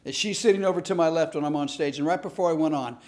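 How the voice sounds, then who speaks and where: A man hosting a class on humor, telling comic stories in a chatty, animated way with lots of asides. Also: on the high side, fast talker. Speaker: humor speaker and class host. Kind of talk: comic storytelling lesson.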